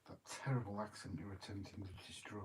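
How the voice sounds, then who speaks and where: A man's voice: lowish voice, fast talker. A man co-hosting a live model railway stream, making dry, teasing asides. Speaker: model railway channel co-host. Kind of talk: casual live-stream chat. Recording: distant mic with clear background noise.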